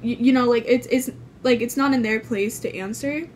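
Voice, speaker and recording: A woman's voice: a little high, normal speed, darkish tone, slight background noise. A woman from California telling a storytime vlog, rambling with lots of fillers and casual swearing. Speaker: vlogger.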